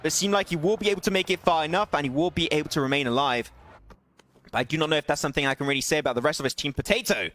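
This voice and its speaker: A young man casting an online shooter match alone, excitable, his voice jumping up on big plays and laughing at himself between calls. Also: fairly high pitch, racing. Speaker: esports caster streaming solo. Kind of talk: live game commentary with chat asides.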